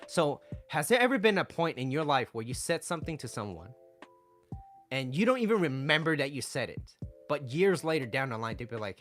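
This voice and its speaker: A man coaching viewers on relationships in a loose, chatty monologue. His voice sits at an ordinary middle pitch, and he hammers his points home through repetition and constant check-ins like "right?". Faint music plays quietly in the background. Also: sing-song, brisk. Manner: conversational, peppers lines with "right?" and "like"; emphatic, repeats key points. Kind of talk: casual advice monologue to viewers.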